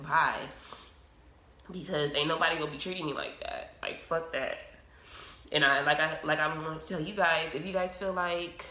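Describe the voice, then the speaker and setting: A low-voiced woman, tearful and slightly choked, tells her story with a bright, forceful edge and plenty of "like"s. The sound is roomy, with a faint hiss underneath. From United States. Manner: emotional, tearful, fast casual chat with many fillers. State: teary with a frog in her throat. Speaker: vlogger. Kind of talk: casual storytime vlog.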